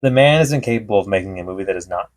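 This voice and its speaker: This co-host talks rapid-fire in a fairly low, expressive voice. On the podcast he tells rambling stories in casual conversation, quoting people piece by piece.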